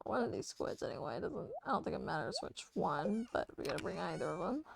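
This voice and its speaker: Lively young woman streamer, swearing. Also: fairly low pitch, fast talker, gravelly, noisy background. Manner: chatty, swears freely, talks to chat. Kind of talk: casual gameplay commentary. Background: soft game music.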